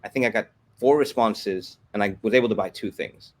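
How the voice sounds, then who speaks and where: Fast-talking, low-voiced man telling stories. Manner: fast, animated anecdotes with acted-out quotes. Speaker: guest, comics company executive. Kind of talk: casual interview storytelling.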